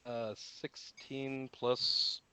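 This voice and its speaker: A man playing a tabletop role-playing game, who describes his character's actions and dice rolls deliberately. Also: medium pitch, level tone, pushed and bright, clean tone. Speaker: player.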